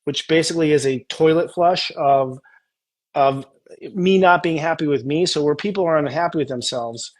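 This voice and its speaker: A man hosting a casual spiritual coaching chat, animated and acting out tender inner dialogues. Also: on the high side, normal speed. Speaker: astrologer host.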